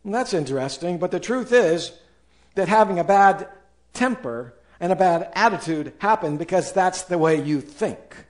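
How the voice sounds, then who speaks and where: A male pastor preaching a sermon with emphasis, acting out listeners' objections in raised voices. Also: sits high.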